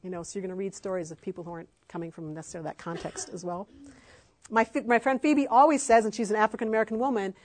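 A woman's voice: medium pitch, fairly even intonation, rapid-fire. A middle-aged woman, an adoptive mother, speaking with passion and emphasis in a faith-based talk to parents, with frequent fillers.

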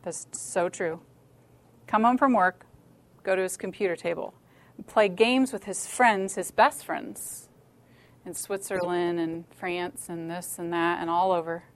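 A middle-aged woman giving a lively, joking and direct talk to young women at a church. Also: fairly low pitch, unhurried. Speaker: women's ministry speaker. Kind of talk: talk to a church youth group.

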